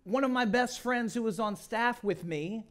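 A middle-aged man preaching a sermon. He tells the story dramatically, swinging from loud to hushed. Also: very high voice, moderate pace. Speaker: guest pastor.

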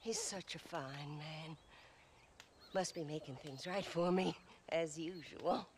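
A woman's voice: deep voice, slow, a little mellow, a little hiss or hum. An actress voicing a distraught young woman in a video game, pleading in an old-fashioned, dreamy way. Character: distraught young woman awaiting her groom.

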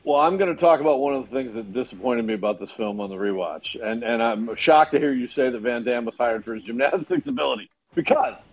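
A man's voice: mid-range voice, very animated, fast, vocal fry, few pauses, highs cut off. A man co-hosting a casual movie chat, cracking crude jokes in a wisecracking manner. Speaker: co-host.

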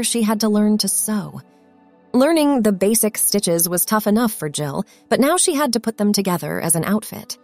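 A woman narrating a scripted story in an expressive reading voice. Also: mid-range voice, no echo. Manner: expressive, acts out the characters' lines. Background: faint background music.

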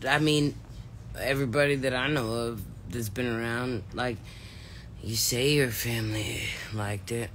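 A woman's voice: extremely low pitch, fairly even intonation, a little slow, a little hiss or hum. A woman on a livestream, chatting casually and telling stories in a brash, swearing way. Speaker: host.

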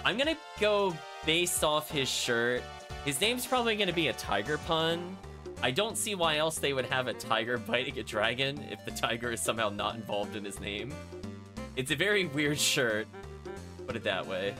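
A man's voice: medium pitch, big pitch swings, moderate pace. A man streamer musing and chatting casually while playing a game, with self-conscious restarts, over game music. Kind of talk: casual let's-play commentary.

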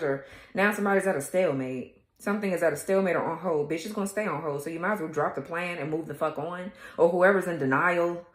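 A woman's voice: lowish voice, roomy sound. Blunt, profane woman reading tarot. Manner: talks straight to viewers, laughing at times. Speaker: tarot reader. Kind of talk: casual tarot reading to viewers.

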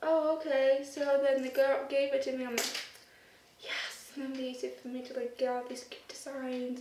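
A woman's voice: sits high, steady tone, normal speed, darkish tone. A woman chatting casually to her camera as a vlogger, rambling with lots of fillers. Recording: roomy echo, distant mic, faint noise.

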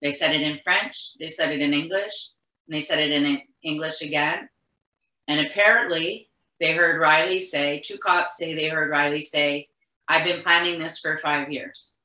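A middle-aged woman with a low voice and a bright, forceful edge tells her story in an earnest, insistent way, looping back and restarting as she goes. The room around her is echoey. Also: steady tone, normal speed. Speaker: interview guest, mother of the deceased. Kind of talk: emotional recounting in conversation.

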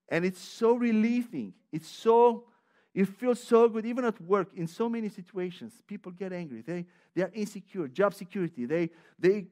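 High-voiced man preaching with emphasis. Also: darkish tone. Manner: emphatic and repetitive, with frequent restarts; conversational, personal asides with light laughter. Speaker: pastor. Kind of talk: sermon.

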